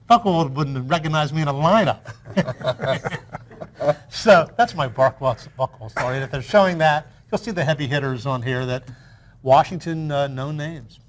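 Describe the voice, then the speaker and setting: A man's voice: medium pitch, normal speed. An older man who is the guest in an interview, reminiscing in a chatty storytelling way with frequent restarts.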